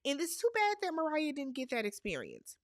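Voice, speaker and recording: A woman's voice: high-pitched, wildly swooping pitch, a little fast, no room sound, studio quality. A young woman hosting a casual reality TV recap, sassy and talking back to the cast.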